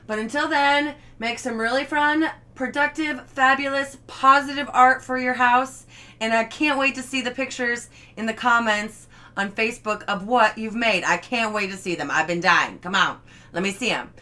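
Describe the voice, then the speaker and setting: A woman's voice: on the high side, normal speed, bright, forceful tone. A young adult woman giving a casual, encouraging art lesson from her living room, chatting while she draws. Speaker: art instructor.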